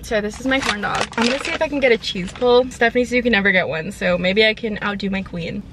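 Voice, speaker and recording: A woman's voice: mid-range voice, quick pace, noisy background. A young woman chatting animatedly in a casual vlog, recorded in her car on a camera phone. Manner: chatty, animated retelling with quoted voices. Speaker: vlogger.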